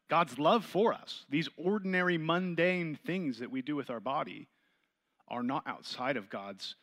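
A man teaching a Bible study, reading scripture aloud and explaining it to a group with questions, getting louder and higher when he stresses a point. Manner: rises in pitch and volume when stressing points.

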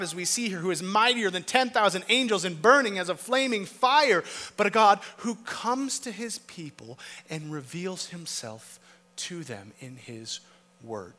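Bright-voiced preacher in a reverberant hall. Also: male voice, high voice, big pitch swings, a little slow. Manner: emphatic, rhetorical questions, swings from loud to hushed. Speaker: pastor. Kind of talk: sermon. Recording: long reverb of a large hall.

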